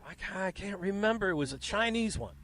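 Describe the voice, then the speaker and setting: Animated man hosting an airfield interview. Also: high-pitched, fairly quick. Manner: animated storyteller, jokey. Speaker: host. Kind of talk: field interview. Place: outdoors at a small airfield. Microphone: handheld mic.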